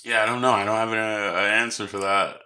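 A man's voice: lowish voice, steady tone, fairly quick, bright, forceful tone. A man co-hosting a casual podcast chat about a movie, laid-back and agreeable, laughing often. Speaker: podcast co-host.

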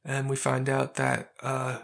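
A man with a mid-range voice lays out a film's story beat by beat in easy conversation. He chuckles now and then and keeps a steady, casual flow. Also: medium pitch, a little slow, vocal fry. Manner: narrates plot step by step, chuckling. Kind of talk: casual chat recapping a film.

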